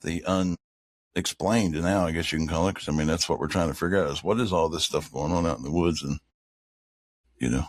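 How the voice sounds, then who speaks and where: A man with a very low voice tells a loose, rambling story in a casual interview. He stops to imitate animal calls. His voice sounds dry and close. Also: a little fast, no echo. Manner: rambling, imitates owl hoots in stories. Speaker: guest, father of co-guest.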